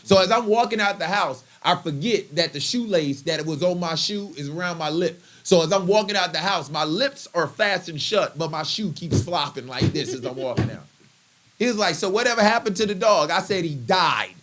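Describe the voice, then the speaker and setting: A man, a comedian guest, telling a funny story in an animated, chatty way and laughing often. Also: on the high side, moderate pace. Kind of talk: comic storytelling in conversation.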